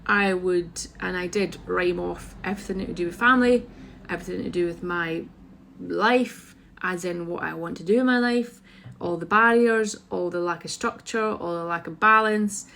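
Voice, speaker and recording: A woman's voice: fairly low pitch, normal speed, vocal fry, a bit bright, a little hiss or hum. A Scottish woman, a mother, talking frankly to camera in a casual rant, blunt and full of swearing. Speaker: mother vlogging about parenting.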